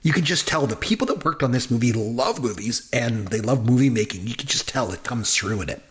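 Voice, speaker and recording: A podcast co-host with a medium-pitched voice chats briskly and enthusiastically about a film, his intonation lively. This casual movie review rambles with plenty of fillers.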